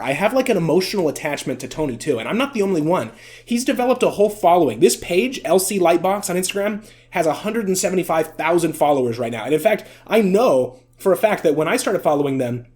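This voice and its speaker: A man's voice: fairly high pitch, darkish tone. A man giving casual, chatty vlog commentary, amused and full of fillers. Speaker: video essay vlogger.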